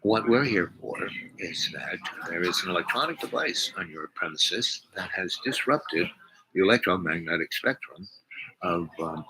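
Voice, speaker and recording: A man voicing a polite, businesslike male federal agent who asks calm, matter-of-fact questions. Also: low-pitched. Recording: noisy recording with clicks.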